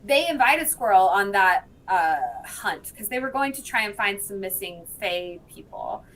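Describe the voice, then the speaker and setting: A woman recapping TV episodes in casual chat, telling the story with lots of fillers and quick bits of the characters' lines. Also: medium pitch, animated, a bit bright, poor audio. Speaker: podcast guest.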